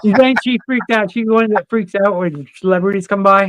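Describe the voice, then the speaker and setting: This podcast guest has a high-pitched, clean-toned voice and a brisk delivery, with no echo in the recording. He chats casually, cursing freely and laughing his way through lively anecdotes.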